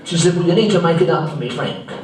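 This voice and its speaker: A man's voice: on the high side, very animated, quick pace, background noise. Man doing a bumbling, naive Frank Spencer. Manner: naive, earnest, rambling storytelling full of mishaps. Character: bumbling, well-meaning, accident-prone grown man. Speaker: stand-up tribute performer. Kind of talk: live comic monologue in character. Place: theatre stage. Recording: very echoey live room, mic far off.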